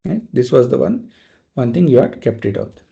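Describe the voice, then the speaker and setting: A man's voice: mid-range voice, very animated, brisk, creaky, warm tone, lo-fi sound. A male trainer giving a live technical lecture, explaining step by step and often checking in with "right?".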